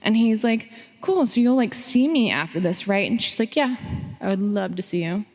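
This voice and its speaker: A young woman from Phoenix tells a family story on a theater stage, animated and profane, acting out the lines she quotes. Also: mid-range voice, normal speed. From Phoenix, Arizona. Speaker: audience member sharing a story on stage. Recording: long theater reverb.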